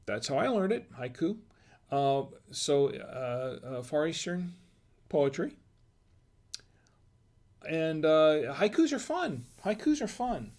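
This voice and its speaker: An American man hosting a wine review livestream chats talkatively, reading chat messages aloud and repeatedly throwing questions back to his viewers. His voice sits somewhat high for a man and is a little mellow.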